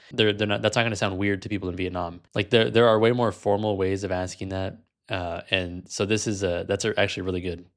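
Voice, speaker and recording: Male vlog host, fairly low voice, relaxed and chatty, trips over his words. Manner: casual, many fillers, self-correcting. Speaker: vlog host, language learner. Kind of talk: casual chat.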